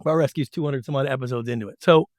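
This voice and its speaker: A middle-aged former TV producer, guesting in an interview, tells stories from his career and slips into voices to act out what people said. He talks very fast at medium pitch, and the recording is dry and studio quality.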